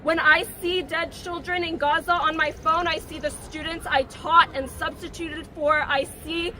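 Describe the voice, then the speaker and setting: High bright-voiced woman rallying outdoors. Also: fairly even intonation, moderate pace, slight background noise. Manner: emotional, rousing, call-and-response cadence. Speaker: rally speaker. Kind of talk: impassioned protest speech. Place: outdoor campus green at a rally. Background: crowd cheering.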